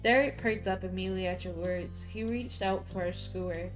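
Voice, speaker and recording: A woman streaming a story game, reading its text aloud and breaking into loud, profane outbursts. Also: mid-range voice, a little fast, soft background music. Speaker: gaming streamer.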